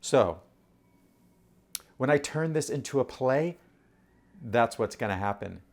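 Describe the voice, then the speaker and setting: A man talking casually to camera, animated and rhetorical, often throwing questions at his audience. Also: mid-range voice, slow pace. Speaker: vlogger.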